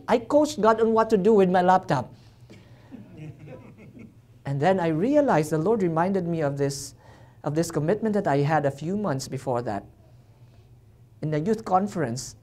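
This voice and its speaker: Lively storytelling missionary man preaching. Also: high voice, normal speed. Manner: lively storyteller, self-deprecating jokes, acts out his own reactions. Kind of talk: humorous personal testimony sermon. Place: church.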